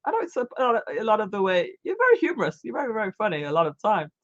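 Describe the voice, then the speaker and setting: Woman, live stream host, casual chat, repetitive praising, lively intonation, dull lo-fi audio. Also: mid-range voice, rapid-fire. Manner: warm, repetitive praise with frequent restarts and fillers. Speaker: host of a live online talk show.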